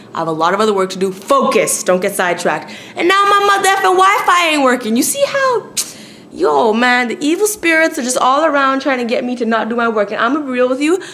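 Fast-talking slangy young woman vlogger. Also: mid-range voice, fairly bright tone. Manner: chatty, slangy, restless. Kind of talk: casual daily vlog. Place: at home, indoors.

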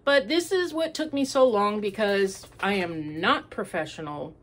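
A woman with a medium-pitched, slightly bright voice talks a little slowly as she hosts a homemade crafting podcast from home. Her chat is chatty, unscripted and rambling, packed with fillers.

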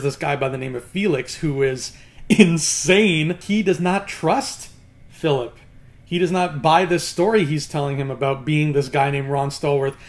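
A young man talks through a film review in a casual, chatty way, full of "you know" and "like". His voice sits somewhat high and leaps higher still when something annoys him. He sounds animated and quick to get exasperated.

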